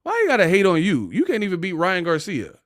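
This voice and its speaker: A man's voice: high voice, fast, no echo, studio quality. A man hosting a casual boxing commentary rant, mocking and laughing as he talks. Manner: animated, mocking, laughs often.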